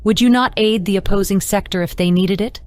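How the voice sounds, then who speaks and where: A woman's voice: mid-range voice, a little fast, a little mellow, lightly acted. A woman reading the part of a troubled young woman who questions her captor in an audiobook, in a searching, pleading way. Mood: questioning.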